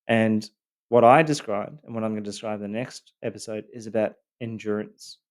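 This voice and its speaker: A man with a fairly low voice hosts a podcast, telling his own life story in a loosely scripted monologue. He speaks earnestly and haltingly, with frequent fillers, restarts and repeated words. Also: fairly even intonation.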